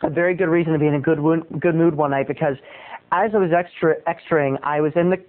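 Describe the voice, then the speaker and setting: A man telling a comic story as a show host in a theatrical way, his voice often jumping up into high squeaks. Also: steady tone, fast talker. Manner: theatrical, with sudden high squeaky jumps in pitch. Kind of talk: comedic storytelling monologue. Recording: tinny lo-fi tape recording.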